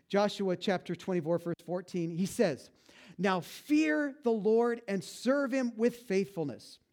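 A man's voice: high-pitched, a little mellow. A middle-aged man preaching a sermon to his congregation in a conversational, joking way, often restarting his sentences. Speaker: pastor. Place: church.

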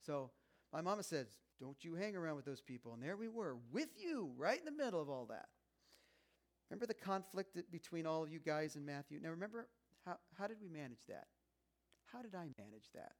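This is Jesus as an earnest, everyday teacher coaxing his band of disciples, put on by a preacher in his own voice. The voice sits a little high for a man and stays plain and chatty. He keeps circling back to "remember" as he urges his followers. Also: very animated, a little fast. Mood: pleading, fond. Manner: conversational, coaxing, repeats "remember". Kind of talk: sermon retelling.

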